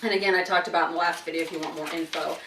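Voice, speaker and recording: A chatty woman hosting a casual tasting vlog, talking through bites and laughing easily. Her voice sits a little low. The sound is roomy and picked up from some distance away. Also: fairly even intonation, racing, a bit bright, a little hiss or hum. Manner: chatty, talks while chewing, frequent laughs. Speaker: wine and chocolate tasting host.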